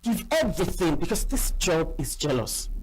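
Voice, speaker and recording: A middle-aged Nigerian woman, an actress, chatting in an interview and telling animated stories with acted-out quotes. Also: fairly low pitch, moderate pace, slight background noise. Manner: animated storyteller acting out quoted voices. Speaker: actress and guest. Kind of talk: casual interview chat.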